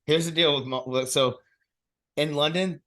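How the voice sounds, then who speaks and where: A man's voice: on the high side, steady tone, normal speed, fairly bright tone. A man co-hosting a podcast in casual chat. He tells stories, swears freely and talks over his co-host.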